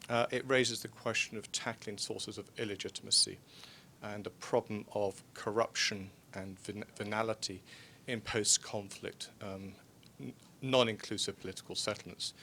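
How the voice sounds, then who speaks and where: A man making a measured, policy-minded comment from the floor of a forum. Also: on the low side, sharp tone, a little hiss or hum. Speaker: audience member asking a question.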